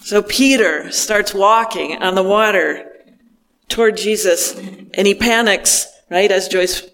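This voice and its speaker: A male preacher delivers a reflective sermon in a gentle, unhurried way, his voice sitting high. He lets each phrase land and pauses before moving on. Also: in a large hall. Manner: slow, gentle, pausing between phrases.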